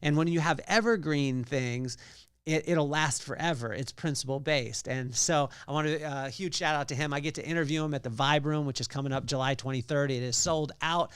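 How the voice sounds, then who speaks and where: A man's voice: fairly high pitch, fairly even intonation, a little fast, a bit bright, clean tone, no room sound, studio quality. A man hosting a solo podcast, telling a story with energy and acting out the quotes in other voices. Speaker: podcast host.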